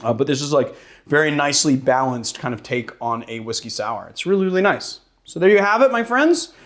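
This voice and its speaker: A man's voice: on the high side, animated, brisk, a bit bright. Casual joking male cocktail host. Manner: casual and joking, with fillers and curses. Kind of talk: casual cocktail demo and tasting.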